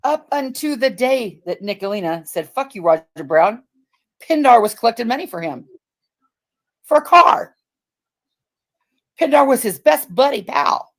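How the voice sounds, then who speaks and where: A woman's voice: high voice, expressive, moderate pace, long pauses, fairly bright tone. A woman, co-hosting a livestream in casual, profane, mocking chat, acting out other people's words. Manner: profane, mocking, acts out quotes. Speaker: livestream co-host.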